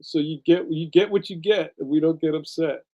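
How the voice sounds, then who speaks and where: A man's voice: on the high side, fairly even intonation, normal speed, dark tone, muffled recording. A man hosting a casual livestream, a cartoonist telling rambling stories full of slang, laughing often and reading out viewer comments.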